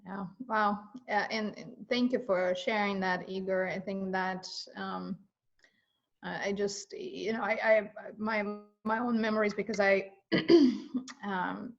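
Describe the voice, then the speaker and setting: A middle-aged woman from Russia hosting a casual video-call interview, talking haltingly with many restarts and getting emotional. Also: medium pitch, level tone, vocal fry. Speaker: host. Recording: muffled lo-fi stream audio.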